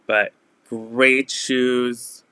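A man hosting a live resale stream, chatting casually and filling pauses with "like" and "um" while he shows items. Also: medium pitch, flat delivery, bright, forceful tone, slight background noise. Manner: chatty, lots of "like" and "um" fillers. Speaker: online resale seller.

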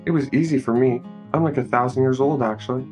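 A man voicing an ancient vampire in a young girl's body, speaking flatly and matter-of-factly. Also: medium pitch, fast talker, faint music behind, lightly acted. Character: ancient young vampire girl, cool and calm.

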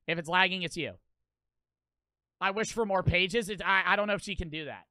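A man's voice: high-pitched, fairly quick, pushed and bright, no room sound. A young man streaming a reaction video, with profane, mocking, rambling commentary.

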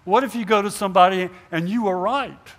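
A man's voice: sits high, fairly quick, a bit bright. Man preaching in a reverberant church. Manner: acts out imagined dialogue, asks the congregation questions. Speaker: pastor. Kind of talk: sermon. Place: church sanctuary. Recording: long hall reverb in a church.

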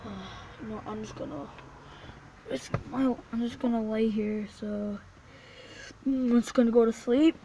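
Woman vlogger, fairly high voice, jumpy, whispers then exclaims, noisy handheld sound. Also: fairly even intonation, moderate pace, long pauses, lo-fi sound. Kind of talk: playful make-believe vlog. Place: in and around a car.

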